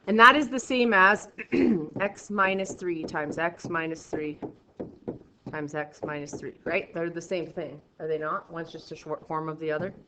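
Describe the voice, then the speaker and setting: A woman teaching a math class, counting steps out loud, trailing off quietly, and checking in with "right?". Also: sits low, a little slow, background noise. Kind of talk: classroom lecture. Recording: roomy classroom sound, slightly dull.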